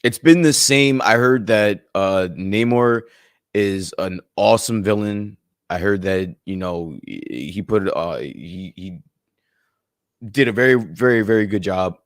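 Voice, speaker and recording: A man co-hosting a casual livestream chat, relaxed and thinking aloud with lots of fillers. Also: lowish voice, measured pace, dry recording, studio quality. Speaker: podcast co-host.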